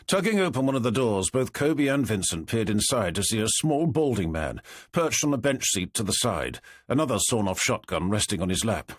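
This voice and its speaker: A man, narrating an audiobook in a measured, expressive way, on a close studio microphone. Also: lowish voice, husky, no echo.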